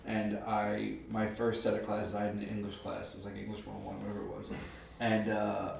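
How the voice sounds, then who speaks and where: A man's voice: on the low side, completely flat delivery, fairly quick, gravelly. A man in his thirties co-hosting a casual chat, telling rambling stories and laughing often. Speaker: co-host. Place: room, on a couch. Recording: echoey room, distant mic, faint noise.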